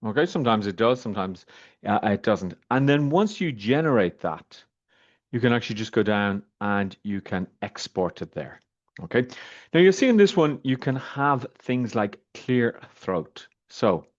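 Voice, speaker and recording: A man reviewing software over a screen share, talking casually and rambling with many fillers as he clicks around. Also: medium pitch, expressive, normal speed. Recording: slightly muffled, dull audio.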